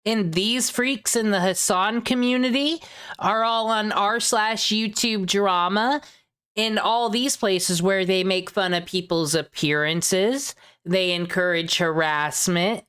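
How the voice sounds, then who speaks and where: A woman's voice: medium pitch, takes it slowly, a bit bright, clear, resonant tone. A young adult woman streamer giving sarcastic, mocking commentary with profanity and mock concern. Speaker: streamer reacting to videos.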